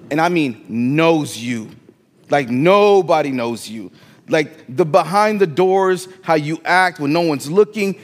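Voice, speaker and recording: A man's voice: a little high, in a large hall. A man with a Latino accent preaching a sermon as pastor, emphatic and repeating phrases for weight in a church sanctuary.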